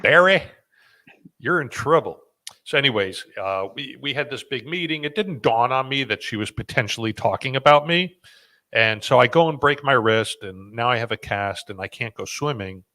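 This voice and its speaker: Animated and sharp-toned, this podcast host speaks at a normal pace in a mid-range voice. He wanders through a casual story, stumbling over fillers, restarting sentences, and laughing at himself.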